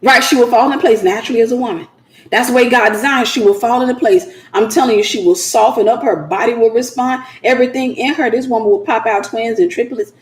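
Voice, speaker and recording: A woman speaks in an animated preaching style, repeating phrases and breaking into laughing asides. Her voice sits high, and the room around her rings with echo. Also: quick pace. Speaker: host. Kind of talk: preaching livestream talk.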